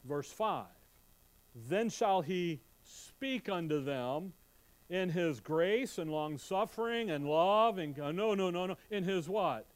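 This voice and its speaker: A man's voice: sits high, slow pace. A man preaching an expository Bible sermon, reading scripture aloud and quizzing his listeners with questions. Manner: animated, quizzing the congregation with questions; reads scripture aloud in King James wording.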